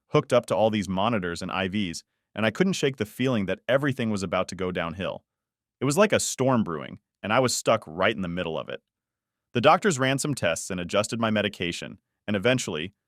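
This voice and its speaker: A man narrates a scripted first-person drama story in a casual, conversational tone. His voice sits low. The recording is dry and close, with no room sound. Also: fairly bright tone, dry recording.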